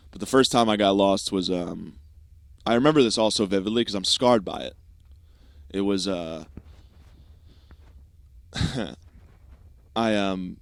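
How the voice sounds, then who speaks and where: A young man hosting a podcast, telling a comic story in a profane, animated style and acting out quick asides. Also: on the low side, dry recording. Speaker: podcast host. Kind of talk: comedic storytelling monologue.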